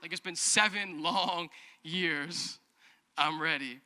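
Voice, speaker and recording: A man voicing an excited young man who pleads to marry, in a sermon. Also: fairly high pitch, slow, big-room sound, voice pushed down, exaggerated voice. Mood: eager.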